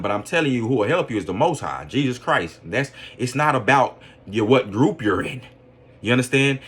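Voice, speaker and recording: A man's voice: medium pitch, fairly bright tone. A man giving a casual opinion monologue on a podcast. He rambles, fills his talk with "you know", keeps checking in with the listener, and turns earnestly preachy about his faith. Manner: earnest, preaching religious conviction. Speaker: podcast commentator.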